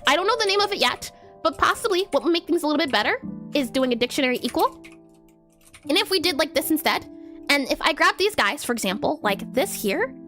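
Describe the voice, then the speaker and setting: A woman's voice: high voice, a bit bright. A woman live-streaming her game coding, thinking aloud as she types, spelling words out and answering her chat in a casual, chatty way.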